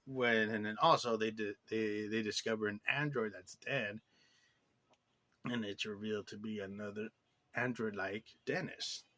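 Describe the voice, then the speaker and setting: A man's voice: lowish voice, fairly even intonation, measured pace, sharp tone, no room sound. A man giving a casual, rambling movie review, full of "like" fillers and blunt swearing. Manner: rambling, heavy use of "like" fillers; blunt and profane.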